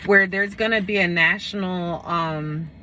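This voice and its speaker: A woman's voice: fairly low pitch, measured pace, pushed and bright, a little hiss or hum. A woman giving a casual tarot reading, rambling and correcting herself as she talks. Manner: rambling, full of fillers and self-corrections. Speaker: tarot reader.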